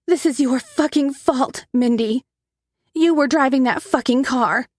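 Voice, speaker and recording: A woman's voice: fairly high pitch, lively intonation, measured pace, no room sound, studio quality, voice pushed up. A woman voicing a desperate addicted sister who pleads, then turns bitter, in an audiobook. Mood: bitter anger. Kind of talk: audiobook narration.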